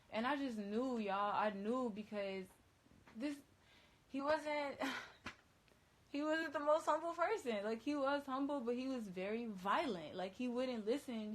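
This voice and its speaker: A woman's voice: fairly high pitch, rough recording. Woman, DJ, phone livestream, casual storytelling, rambling, slangy, profane.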